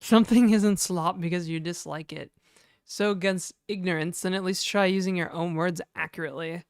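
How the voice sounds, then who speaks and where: Casual woman streamer, lower voice, smooth and clean, dry close mic, rambling chat with fillers. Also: steady tone, normal speed, no room sound. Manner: chatty, reads chat aloud, frequent fillers.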